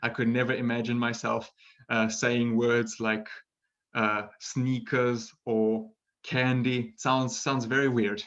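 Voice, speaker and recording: A man gives a relaxed online English lesson in an ordinary mid-pitched voice. He talks chattily and encouragingly, checking in with listeners again and again. The audio is a little dull and lo-fi. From Britain. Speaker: English teacher.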